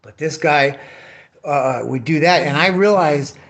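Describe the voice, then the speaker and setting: A middle-aged man with a voice pitched a little above most men's. He rambles through a story in an easygoing way, swearing constantly as he rants about bad bosses. His style is loose, casual chat. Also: measured pace, fairly bright tone. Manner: profane, ranting storyteller. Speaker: vlogger cutting bottles. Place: tree care worker.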